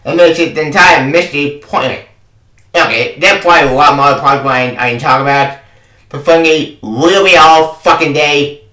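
A man with a highish, bright, forceful voice delivers an angry review rant about a game, exasperated, swearing, and often repeating himself. He speaks at a moderate pace, far from the mic in an echoey room.

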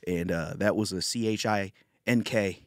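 A man's voice: fairly low pitch, normal speed, dry recording, studio quality. A man from Virginia hosting a comedy podcast in a crude, rambling, boastful monologue. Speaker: podcast host.

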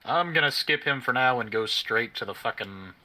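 Bright, giggly man joking while gaming. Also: medium pitch, animated, normal speed. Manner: joking, giggly, crude banter. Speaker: gamer playing co-op. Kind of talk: casual co-op gaming chat.

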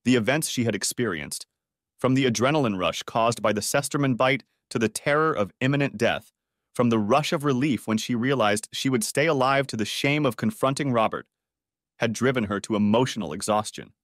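Man, audiobook narrator, measured reading, middle pitch, dry close mic. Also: dry recording. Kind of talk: scripted narration.

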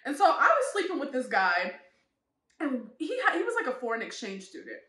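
A young woman vlogger telling candid stories in a casual, animated way, laughing often. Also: high voice, a little fast, roomy sound. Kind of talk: casual storytelling vlog.

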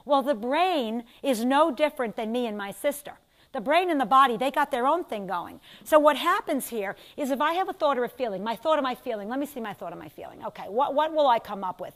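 An older woman with a New York accent lectures a class. Her voice sits high, and she talks in quick, chatty asides. She keeps turning to her students with questions. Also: expressive, a bit bright. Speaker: instructor.

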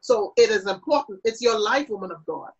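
A woman's voice: mid-range voice, animated, a little fast, husky, highs cut off. A woman minister teaching about prayer in an interview, with an emphatic, preacherly delivery.

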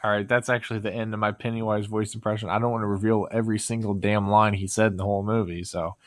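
A man's voice: fairly low pitch, little pitch movement, quick pace, no room sound. A man talking casually to camera in a rambling, self-deprecating way. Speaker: video creator. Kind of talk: casual vlog talk.

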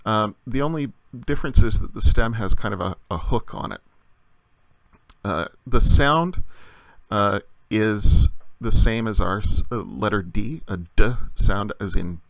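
Low-voiced man patiently teaching letters. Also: a little slow, vocal fry, dry recording. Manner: patient explaining with many uh fillers. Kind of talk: recorded language lesson.

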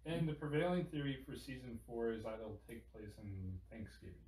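Co-host, man, mid-pitched, loose rambling delivery, roomy sound, set back from the mic. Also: lively intonation, moderate pace, darkish tone, recorded from a distance. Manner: rambling, lots of fillers. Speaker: podcast co-host. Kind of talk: casual chat.

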